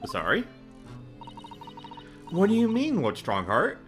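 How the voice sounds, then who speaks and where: Brief: man doing a polite, anxious young male lawyer, very animated pitch. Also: takes it slowly, soft background music, exaggerated voice. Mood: uneasy.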